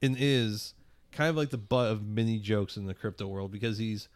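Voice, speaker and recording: A man co-hosting a podcast, talking in halting starts and repeats with dry jokes. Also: lowish voice, clear, resonant tone, no room sound. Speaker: podcast co-host. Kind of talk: casual podcast banter.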